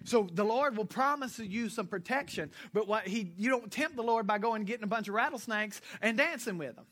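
During a church service, a man's high, slightly bright voice moves at a brisk clip as he delivers his sermon. The pastor questions his listeners and chuckles along with his own humor.

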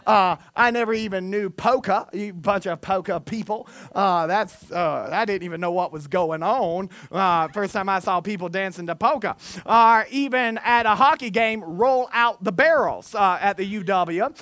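Animated pastor preaching. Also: male voice, sits high, normal speed, hardly any pauses, dry recording. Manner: animated, self-mocking, with put-on quotes of listeners. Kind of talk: sermon. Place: church.

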